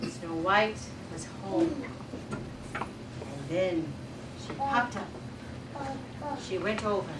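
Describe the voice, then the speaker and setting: A teacher narrating a children's class play in a slow, expressive storybook manner. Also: female voice, medium pitch. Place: school room with children. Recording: echoey room from far off, loud crowd noise.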